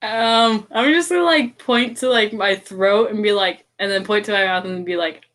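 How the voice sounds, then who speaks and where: A woman's voice: medium pitch, moderate pace, a bit bright. A woman playing a tabletop role-playing game in a casual, chatty, giggly way. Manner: giggly, chatty, plays a mimicking bird character. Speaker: player.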